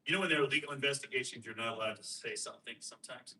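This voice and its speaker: Bright-voiced man explaining emphatically. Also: medium pitch, rapid-fire, recorded from a distance, poor audio. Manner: emphatic, rhetorical questions, acts out quoted voices. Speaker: guest speaker on election systems. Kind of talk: explaining and storytelling to a host.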